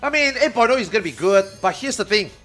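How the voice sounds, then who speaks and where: A man's voice: high voice, fast, faint music behind. A man streaming a game, chatting casually and bluntly to his viewers. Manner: animated, blunt, talking straight to viewers. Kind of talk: casual gaming stream chat.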